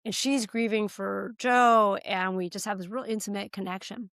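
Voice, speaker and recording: A middle-aged American woman speaks with earnest feeling, her voice catching a little as she tells a personal story. Her pitch sits in the middle range. The sound is close and dry, with no room echo. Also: steady tone, moderate pace, a bit bright. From United States. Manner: earnest, heartfelt, gets choked up. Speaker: guest, political candidate. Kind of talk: personal storytelling in a podcast interview.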